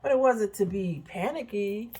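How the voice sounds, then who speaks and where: Earnest, slightly husky woman vlogger. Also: mid-range voice, normal speed, mellow. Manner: earnest, preachy, direct address to viewers. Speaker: motivational vlogger. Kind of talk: casual motivational talk to camera.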